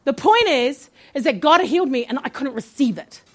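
A woman pastor telling her own story in a sermon, animated, with laughing asides. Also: high-pitched, moderate pace. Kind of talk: sermon testimony.

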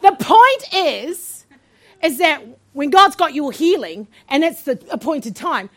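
High, lively woman pastor preaching. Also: slow. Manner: animated storytelling, laughing asides. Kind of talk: sermon testimony.

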